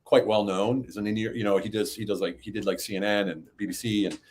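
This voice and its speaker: Fast-talking man telling a story. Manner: animated, rises high when acting out quotes. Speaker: podcast guest. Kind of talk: casual storytelling.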